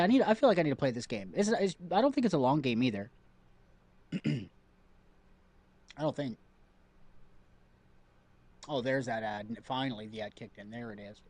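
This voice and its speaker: A man's voice: on the high side, darkish tone, no room sound. A man streaming a game from home, chatting casually and rambling to his chat, repeating himself as he goes.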